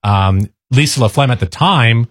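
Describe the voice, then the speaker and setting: A man from Ontario who reads the news on radio, talking casually and haltingly, with many restarts. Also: mid-range voice, a bit bright, no room sound, studio quality. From Ontario, Canada. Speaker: radio newsreader. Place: radio studio. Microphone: studio mic.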